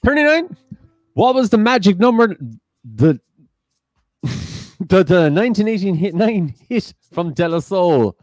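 A man's voice: sits high, big pitch swings, measured pace, pauses often, a little mellow, no room sound. A man hosting an online quiz, reading out questions with jokey asides. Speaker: quiz host.

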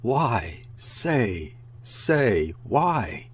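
A man voicing a frightened old peasant mother in an audiobook, crying out in shrill alarm. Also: sing-song, measured pace, a little mellow, husky, exaggerated voice.

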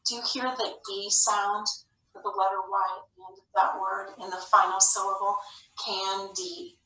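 A woman teaching a phonics lesson to young children, speaking slowly and clearly with an encouraging classroom manner. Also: mid-range voice, level tone, sharp tone. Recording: echoey room, slightly far from mic.

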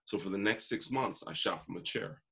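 A man's voice: on the low side, fairly quick, creaky, sharp tone, slightly rough. A man in his forties, a guest telling his life story in an earnest, vivid way. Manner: earnest, vivid storyteller who acts out quotes. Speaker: guest, motivational speaker. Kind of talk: personal storytelling in an interview.

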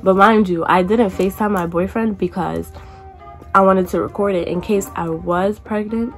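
A woman's voice: mid-range voice, steady tone, normal speed, faint music behind. A young woman vlogger telling a casual storytime, chatty, with lots of "like" and some casual cursing. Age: young adult.

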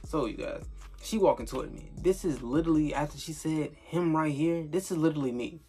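A man's voice: on the high side, fast, warm tone, soft background music. A young man telling a casual storytime vlog, rambling and swearing, with lots of filler tags. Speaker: storyteller vlogger.

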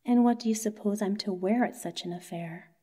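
A woman's voice: medium pitch, brisk, dark tone, close to an everyday voice. A woman voicing a petulant, discontented young wife in a bedtime story, sulky and self-pitying.

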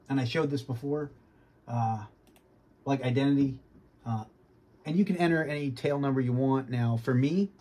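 Husky man with a faint Boston accent. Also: mid-range voice, mellow. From Boston, United States. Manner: easygoing, often clears his throat. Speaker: flight sim hobbyist. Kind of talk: casual review talk. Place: home flight sim cockpit.

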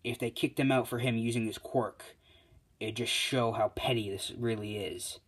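A man's voice: medium pitch, fairly even intonation, moderate pace, slightly rough, close to an everyday voice. A man voicing a dry, dismissive adult male teacher hero in a near-normal voice.

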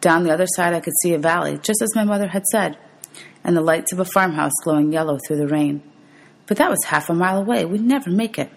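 A woman teacher reads a novel aloud to her students in steady storytelling and calls out the page numbers as she goes. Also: fairly low pitch, fast talker, creaky, rough recording.

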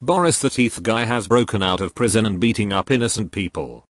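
A synthetic man's voice with a British accent, flatly reading out joke error messages and answering them. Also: lowish voice, fairly quick, no room sound. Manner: flat, even synthetic delivery that bursts into loud shouting. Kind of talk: comedic text-to-speech reading.

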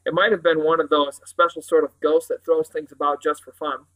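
A man's voice: on the high side, level tone, brisk, a bit bright, lightly acted, low-quality recording. A man reading a solemn young boy in a children's story. He talks seriously about mysterious things.

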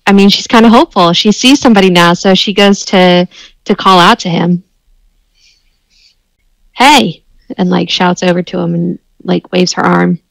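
A woman's voice: fairly low pitch, fairly even intonation, fairly quick, vocal fry, no echo, poor audio. A woman playing in a tabletop game, hesitantly describing what her character does. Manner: hesitant, thinking aloud. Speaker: player.

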